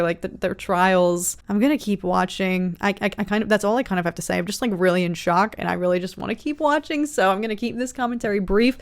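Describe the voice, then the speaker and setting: A woman hosting a reaction video, talking casually with excited exclamations and frequent stammered restarts. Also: fairly high pitch.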